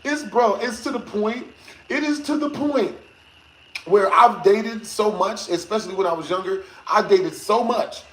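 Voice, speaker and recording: A man streaming games who tells a story to his chat in a lively, slangy way, laughing often and swearing. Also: high-pitched. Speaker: gaming streamer. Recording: echoey room with faint noise.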